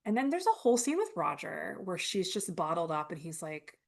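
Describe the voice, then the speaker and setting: A woman's voice: on the low side, fairly quick, gravelly. A young woman co-hosting a podcast, recapping a film in casual chat and acting out lines from its scenes. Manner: animated retelling, quoting scenes in character. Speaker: podcast co-host.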